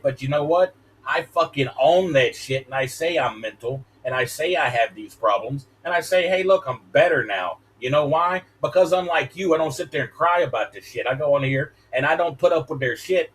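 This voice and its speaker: A man's voice: fairly high pitch, fairly bright tone. Agitated, profane streamer man. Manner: profane, agitated, preachy, wrestling-promo delivery. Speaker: streamer in a live call. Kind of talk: heated casual rant.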